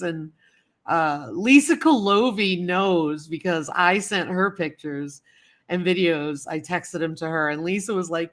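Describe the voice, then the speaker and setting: A woman hosting a casual livestream, chatting in a rambling way and greeting viewers in the chat. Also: medium pitch. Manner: chatty, greets viewers and answers chat comments as she talks; rambling storytelling with many fillers and repeats. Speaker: livestream host.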